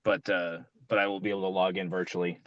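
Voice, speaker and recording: A man on a video call from his parked car, talking casually in a meeting, halting and apologetic with many fillers. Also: low voice, level tone, fairly bright tone, no room sound, muffled recording. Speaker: commission member.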